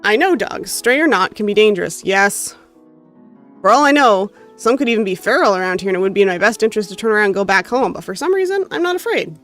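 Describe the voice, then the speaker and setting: A woman's voice: mid-range voice, lively intonation, fast, fairly bright tone, faint music behind. A woman with a North American accent streaming a game, reading its story text aloud with expression and breaking off into casual asides to chat. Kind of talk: reading a visual novel aloud while chatting with stream chat.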